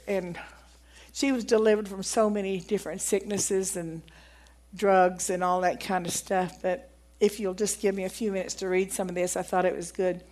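A woman giving a folksy sermon, reading aloud from a book and growing emphatic as she preaches. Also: mid-range voice. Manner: folksy, grows emphatic and loud when preaching.

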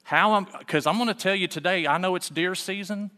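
A man preaching a sermon in a relaxed, folksy way, full of rhetorical questions, in a church sanctuary. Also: high voice, a little fast, big-room sound. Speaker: pastor.

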